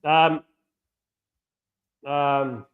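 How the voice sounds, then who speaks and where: A man's voice: fairly high pitch, fairly even intonation, extremely slow, phone-quality sound. A man, chatting casually on a live stream as a football fan show host, repeating himself and reading out viewer comments. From East London, England. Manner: repetitive, says absolutely a lot, reads out viewer comments.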